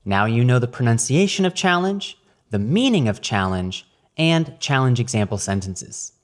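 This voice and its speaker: A man reading a scripted vocabulary lesson, enunciating each word carefully in measured drills. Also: mid-range voice, big pitch swings. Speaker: vocabulary teacher.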